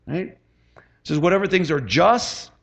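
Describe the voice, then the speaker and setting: A man's voice: high-pitched, expressive, a little slow, creaky, fairly bright tone. A middle-aged man preaching a conversational sermon as pastor, chatty and asking the congregation for amens. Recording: dull lo-fi sound.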